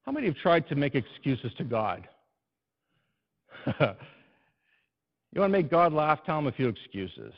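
A male preacher giving an animated, storytelling sermon and addressing his congregation in a church. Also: a little high, measured pace, long pauses. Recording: dull, muffled recording.

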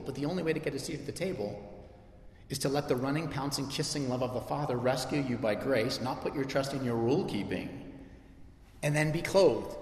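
A man's voice: mid-range voice, a little fast. A middle-aged man preaching to his church, conversational yet impassioned, driving points home with repetition. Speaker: pastor. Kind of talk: sermon. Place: church sanctuary. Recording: echoey hall with long reverb.

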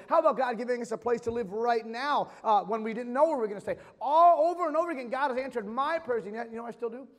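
A male pastor with a high voice preaches to his congregation in a casual, conversational way, voicing the people he quotes. His words ring out with a long reverb from the church hall. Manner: conversational preaching, quick asides and acted-out quotes. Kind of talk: sermon. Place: church sanctuary.

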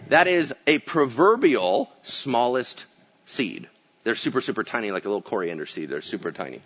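A male pastor preaching a casual sermon, telling stories with acted-out quotes and swinging from booming to hushed. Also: big pitch swings, normal speed, dull audio.

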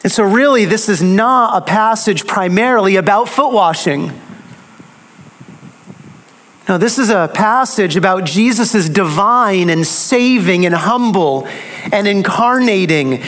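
A man preaching an expository sermon, slow and dramatic, with emphatic repetition. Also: sits high, lively intonation, fairly bright tone.

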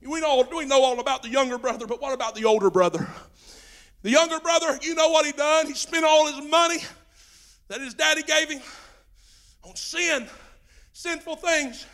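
A middle-aged man preaching a sermon, dropping to a near-hush and then rising into drawn-out shouted lines. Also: extremely high pitch. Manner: swings from hushed to shouting, drawn-out emphatic phrases.

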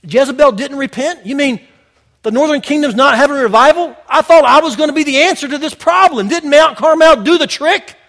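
A man's voice: very high voice, fairly quick, a bit bright, pitched above the performer's own voice. A man voicing a frustrated, let-down prophet who fires off exasperated questions.

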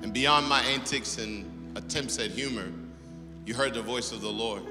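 A middle-aged male pastor preaching a sermon, swinging between loud, animated exhortation and hushed storytelling. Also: medium pitch, moderate pace, over music. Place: church auditorium. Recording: long reverb of a large hall.

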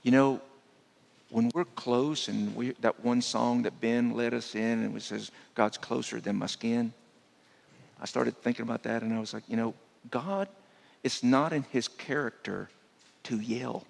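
A man preaching a sermon as a guest speaker, dropping to a hushed voice to make his points. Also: mid-range voice, fairly even intonation, measured pace, creaky. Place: church sanctuary. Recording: long church hall reverb.

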